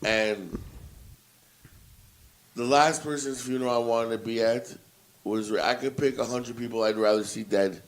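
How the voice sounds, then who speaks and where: A man co-hosting a podcast, telling a story in a casual, profane, animated way and acting out his own reactions. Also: mid-range voice, normal speed, pauses often. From Italian family background. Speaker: podcast co-host.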